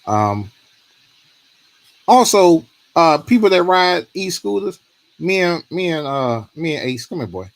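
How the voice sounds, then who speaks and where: A man's voice: fairly high pitch, big pitch swings, a little slow, vocal fry, no echo. A man, talking casually on a livestream, rambling and pleading for comments, and cooing at his dog in between. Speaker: streamer.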